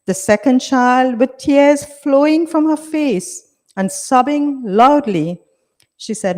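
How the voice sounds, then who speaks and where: Woman storyteller at a satsang: slow, gentle, higher voice, hall echo. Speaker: storyteller at a women's group satsang. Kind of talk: slow storytelling at a religious gathering. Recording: reverberant hall.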